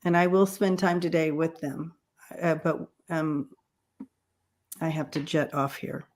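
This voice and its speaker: A woman's voice: low-pitched, fairly even intonation, a little slow. A woman hosting a casual livestream chat who rambles, with many fillers and restarts. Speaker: livestream host.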